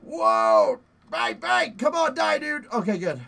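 High, gravelly, frantic gaming streamer man. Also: huge pitch swings, takes it slowly, noisy background. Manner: frantic, yelling and playfully swearing at enemies. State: out of breath from push-ups. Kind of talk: live gameplay commentary.

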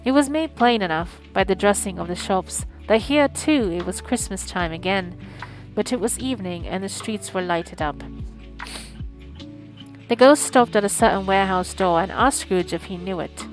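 A woman reading a classic novel aloud on a stream, with lively, expressive storytelling. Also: mid-range voice, moderate pace, faint music behind, low-quality recording. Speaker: audiobook streamer.

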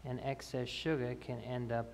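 A man with a gravelly, creaky voice explains answers after a health talk, pausing on fillers and restarting his sentences. His voice rings through a reverberant church hall over a faint background hum. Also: medium pitch, level tone, darkish tone. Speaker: health speaker.

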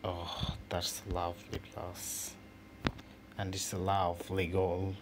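A man hosting a mobile football game channel, giving casual, excitable commentary with swearing and halting restarts over his own play. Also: deep voice. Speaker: gaming channel host. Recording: noisy home recording.

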